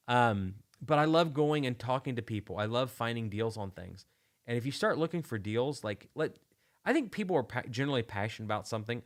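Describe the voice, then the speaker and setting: A man hosting a casual livestream, talking in a rambling, enthusiastic way with many restarts. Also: fairly low pitch. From United States. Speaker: channel host.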